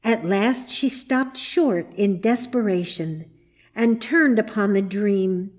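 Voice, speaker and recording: Woman reader, children's story narration; slow, measured, mid-pitched. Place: church.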